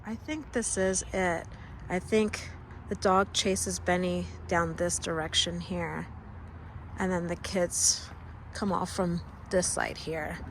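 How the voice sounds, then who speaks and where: A woman vlogging casually as she tours filming locations, chatty and excited, with lots of fillers. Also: fairly low pitch, takes it slowly. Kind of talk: casual vlog narration. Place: outdoors and in a car. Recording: outdoor recording with traffic noise.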